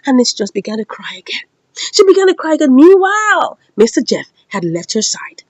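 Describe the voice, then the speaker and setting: A woman's voice: high voice, very animated, brisk, no echo, highs cut off. A woman giving a dramatic, laughing recap of a drama series episode and acting out the characters' lines. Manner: dramatic, laughing, acts out the quotes. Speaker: series reviewer.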